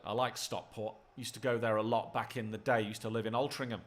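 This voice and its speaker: A man's voice: on the low side, level tone, brisk. A middle-aged man co-hosting a live football stream, easygoing, reading viewers' messages. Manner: easygoing, reads viewer chat aloud. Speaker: co-host, streamer's father.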